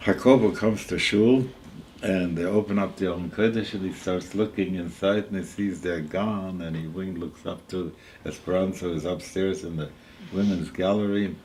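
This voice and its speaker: An elderly man in his eighties, a rabbi telling a story at a gathering in a lively, chuckling way, sprinkling in Yiddish words. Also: low voice, moderate pace, slight background noise, poor audio. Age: 80s.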